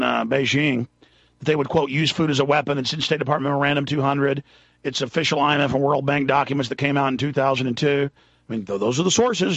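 A man's voice: medium pitch, gravelly, a bit bright, slightly rough, dry recording, highs cut off. A man hosting a call-in radio talk show, rambling and losing his train of thought as he goes.

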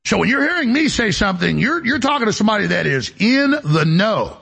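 Raspy gravelly talk host guy, boastful, jumps all over the place, pitch swings a lot. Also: sing-song, fairly quick, a bit bright. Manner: emphatic, boastful, jumps between topics. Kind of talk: rambling radio talk show monologue.

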